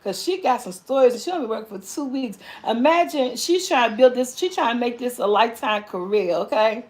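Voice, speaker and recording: A woman's voice: fairly high pitch, expressive, a little fast, a little mellow. A woman hosting her own vlog, chatting loosely with viewers and reading their comments, rambling and repeating herself as she talks and calling them y'all. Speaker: vlogger host. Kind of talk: casual live-stream chat reading viewer comments.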